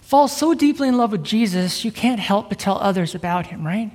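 A middle-aged man with a high voice, an evangelist giving an energetic sermon and keeping a live audience engaged. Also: a little fast. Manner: upbeat, keeps asking the crowd "right?". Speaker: evangelist preacher. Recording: reverberant hall.

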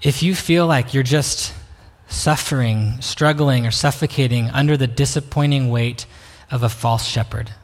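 A man preaching a sermon as pastor, slow and reflective, pausing to invite listeners in. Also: medium pitch. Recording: long reverb of a hall.

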